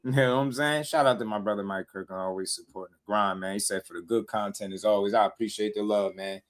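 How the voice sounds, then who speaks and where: A man's voice: lowish voice, fairly even intonation, quick pace, hardly any pauses. Slangy man hosting a boxing stream. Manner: slangy, loose, shouts out viewers. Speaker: live stream host. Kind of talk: casual boxing live stream chat.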